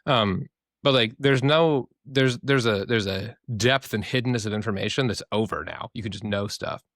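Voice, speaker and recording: Animated, swearing young man. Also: lowish voice, normal speed, no room sound, studio quality. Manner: animated storyteller, swears freely, mimics voices. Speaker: podcast co-host. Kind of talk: casual podcast chat.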